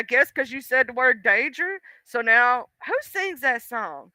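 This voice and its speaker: Bright, animated woman rambling on stream. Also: a little high, unhurried, no room sound. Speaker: livestreamer. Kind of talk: casual livestream chat.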